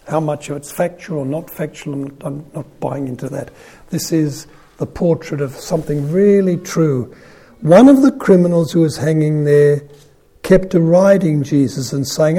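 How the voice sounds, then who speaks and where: An older man preaches in a loose, conversational way, joking and voicing the people in the story with lifted emphasis. His voice is husky and mellow, sitting a little high for a man. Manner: chatty and humorous, acts out quoted lines with rising emphasis. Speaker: priest. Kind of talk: informal sermon on the Gospel.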